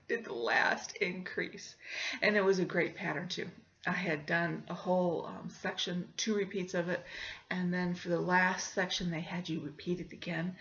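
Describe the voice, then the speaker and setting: A woman's voice: lowish voice, creaky, fairly bright tone. Chatty woman podcast host, lo-fi. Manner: chatty, laughs often, acts out voices in her stories. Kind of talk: casual storytelling monologue.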